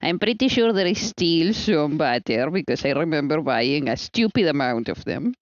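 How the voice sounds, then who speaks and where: A woman's voice: low-pitched, lively intonation, normal speed, no room sound, lo-fi sound. A woman streamer chatting casually while she bakes, playful and teasing with exasperated asides.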